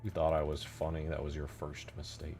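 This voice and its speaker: A man live-streaming casual chat, excitable and foul-mouthed, yelling thanks to his chat and then mumbling asides. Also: very deep voice, brisk, gravelly, soft background music. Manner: excitable, swears a lot, yells thanks to chat; swings between mumbling asides and loud outbursts. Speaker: livestreamer and game modder.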